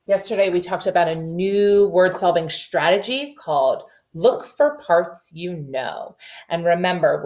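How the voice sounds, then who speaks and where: A woman with a lower voice leads a phonics lesson for small children, her pitch swinging up and down in a lively way. She sounds out letters and word chunks slowly and clearly, then coaxes her young learners with patient questions. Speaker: teacher.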